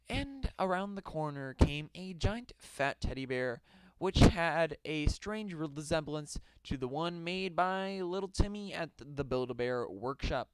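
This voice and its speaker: A man's voice: fairly high pitch, animated, a little slow, background noise. A young man reading out a silly story with mock drama and rambling asides.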